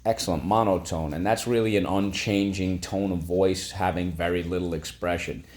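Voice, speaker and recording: A man's voice: low voice, steady tone, moderate pace, a little mellow. A man teaching a phonics lesson, breaking words into syllables and prompting listeners to repeat.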